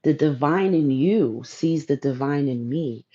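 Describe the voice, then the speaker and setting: A woman's voice: low-pitched, animated, measured pace, few pauses, warm tone, breathy edge, lo-fi sound. A woman hosting a casual spiritual livestream, laid-back and playful, talking straight to viewers in her chat. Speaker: livestream host.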